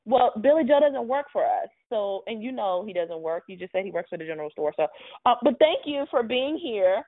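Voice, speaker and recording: A woman's voice: mid-range voice, big pitch swings, a little fast, no room sound. A woman hosting a sports radio call-in show, hesitant and full of fillers but patient with the caller. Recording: phone-like dry audio.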